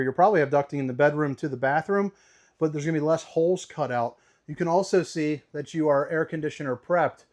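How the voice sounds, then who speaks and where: A man's voice: a little high, darkish tone. Upbeat slangy man giving a tour. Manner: upbeat, playful, slangy, calls viewers baby. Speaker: RV tour host. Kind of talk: casual walkthrough tour. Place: inside a travel trailer.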